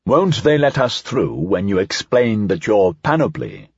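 A man's voice: fairly low pitch, sing-song, unhurried, darkish tone, slightly rough, no echo, highs cut off, full character voice. A man voicing a wary, doubtful male companion who asks questions in an audiobook.

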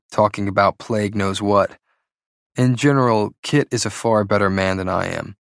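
A man reading first-person fiction aloud as an audiobook narrator, slow and deliberate. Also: fairly low pitch, vocal fry, a bit bright, no echo, clean studio sound.

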